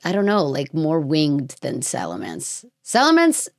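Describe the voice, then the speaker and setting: A woman's voice: sits low, wildly swooping pitch, a little slow, vocal fry, dry recording, clean studio sound. A woman hosting a podcast, chatting casually in a rambling, playful way with lots of fillers. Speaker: podcast host.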